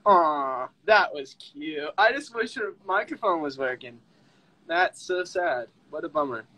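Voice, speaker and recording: A young man hosting a casual livestream with fans from home on a phone, chatty and excitable, often breaking into squeals and laughs. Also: fairly high pitch, measured pace, low-quality recording. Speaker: livestream host talking with fans.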